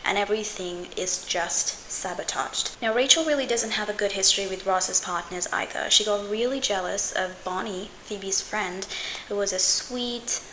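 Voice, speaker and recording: A woman hosting a video essay, giving scripted commentary in a measured, analytical way. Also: mid-range voice, sharp tone, a little hiss or hum, rough recording.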